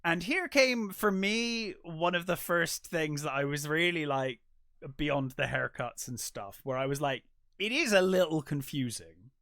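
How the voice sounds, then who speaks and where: A man co-hosting a casual film podcast, talking in an animated way and acting out his own reactions. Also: on the high side, unhurried, dry recording, clean studio sound. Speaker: podcast co-host.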